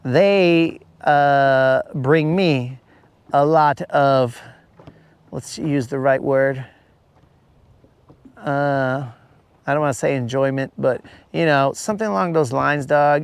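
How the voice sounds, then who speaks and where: A man's voice: medium pitch, slow pace, creaky, long pauses, clean tone, no echo. A man hosting a live fishing stream, rambling and teasing his viewers in casual chat. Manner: rambling, teasing, talks to viewers as bro and guys. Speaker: fishing livestream host.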